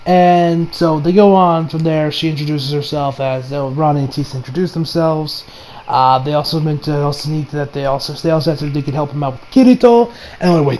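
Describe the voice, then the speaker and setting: Animated high-voiced man reviewing anime. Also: moderate pace, poor audio. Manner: animated, laughing and swearing, loud exasperated outbursts. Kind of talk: casual episode recap and review.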